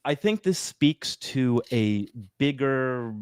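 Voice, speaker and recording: A man's voice: mid-range voice, animated, slow pace, darkish tone, clear, resonant tone, dry recording. Podcast co-host, male, casual and chatty, dry close sound. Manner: chatty, with fillers and asides.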